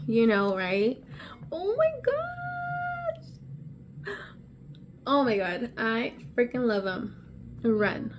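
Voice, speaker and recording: A woman vlogger unboxing on camera, excitable and gushing, gasping often and sometimes dropping to a breathy whisper. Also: fairly high pitch, slight background noise. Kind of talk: casual unboxing vlog.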